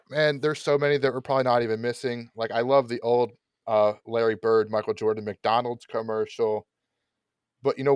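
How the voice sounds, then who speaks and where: A man's voice: medium pitch, smooth, no echo, clean studio sound. A man co-hosting a football podcast, chatting eagerly and often tripping over his words. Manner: enthusiastic, stumbling over words. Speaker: podcast co-host. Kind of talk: casual chat.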